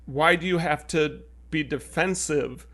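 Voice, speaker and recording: A man's voice: on the high side, a little slow, pushed and bright. A man co-hosting a podcast in casual chat, earnest and stopping to restart his thoughts. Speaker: podcast co-host.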